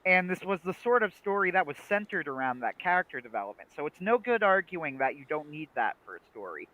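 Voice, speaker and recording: Young man, bright tone, slightly high voice, casual livestream chat, animated, frequent restarts. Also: a little fast, dry recording, low-quality recording. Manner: animated, laughs often, many restarts. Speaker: livestream co-host. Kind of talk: casual chat about a TV series.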